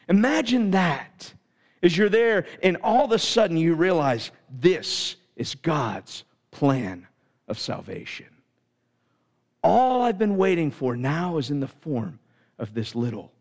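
A middle-aged man from Pennsylvania, a pastor delivering a sermon through an animated, self-mocking story. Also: on the high side, long reverb tail.

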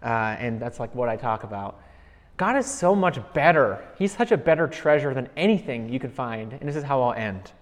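A man's voice: mid-range voice, animated. Earnest man preaching in a reverberant hall. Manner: earnest, halting with restarts, slows to read scripture. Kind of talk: personal sermon with scripture reading.

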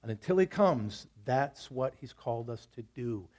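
Male pastor, husky voice, mid pitch, conversational storytelling sermon. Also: lively intonation, normal speed, darkish tone. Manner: conversational preaching, storytelling with scripture quotes. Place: church service.

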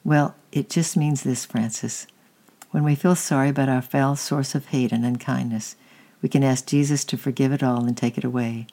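Kindly aunt, gentle, coaxing, a little preachy, mellow tone, voiced by the reader. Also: medium pitch, steady tone, moderate pace, lightly acted. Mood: gently preaching. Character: kind, patient aunt comforting a child.

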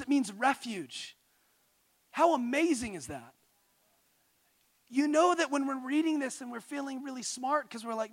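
A man from California with a high-pitched voice preaches a sermon in his thirties. He moves between hushed, intimate confession and loud, rousing calls to the congregation. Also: animated, a little slow, pauses often, no echo. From California, USA. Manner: passionate, swings from quiet intimate tones to loud exhortation.

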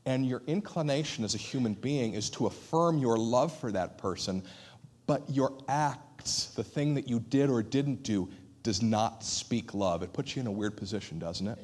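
Preaching at a normal speed and medium pitch, this pastor keeps an earnest tone. He lowers his voice to a hush to stress points and performs the lines of quoted speech.

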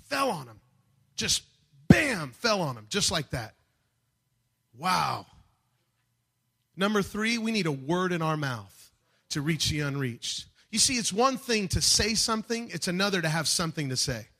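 High, bright-voiced impassioned male preacher. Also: very animated, a little slow, pauses often, slightly rough. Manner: impassioned, builds to shouting. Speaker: pastor. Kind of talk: sermon.

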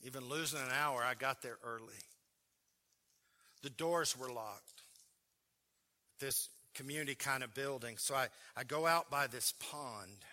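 A pastor delivers a storytelling sermon in a sharp, very forceful voice. He talks earnestly and with emotion, often stumbling over and repeating his words. It sounds like he is speaking from the pulpit of a church. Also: medium pitch. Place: church sanctuary.

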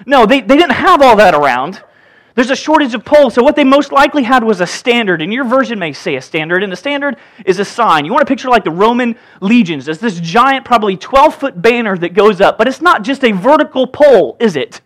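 A male pastor delivering a sermon with a fairly high voice. He reads scripture aloud and breaks into playful asides, acting out voices as he goes. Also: a little fast. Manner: lively, joking, acts out voices while reading scripture.

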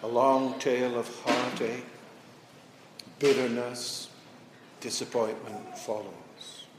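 A man preaching a sermon as pastor in a church, reading scripture and telling a story with slow, deliberate pauses. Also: medium pitch, fairly even intonation, very noisy. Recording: echoey church from a distance.

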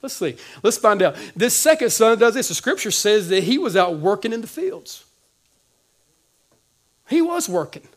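High-voiced man preaching a lively sermon. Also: moderate pace, pauses often. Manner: lively, swings from loud to hushed; casual preaching slang. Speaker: pastor.

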